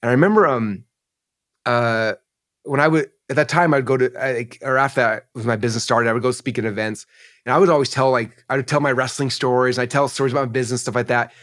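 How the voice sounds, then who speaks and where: Entrepreneur guest, man in his forties, fast rambling storyteller, middle pitch. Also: steady tone, fairly bright tone. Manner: rambling, emotional, lots of "like" and "um". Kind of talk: candid interview storytelling.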